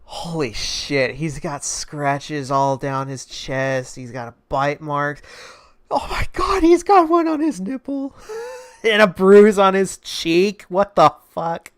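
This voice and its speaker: A man's voice: fairly high pitch, animated, slow pace, clean tone. A man commentating on a game, laughing often and exclaiming in shock, reading narration aloud. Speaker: let's play gamer.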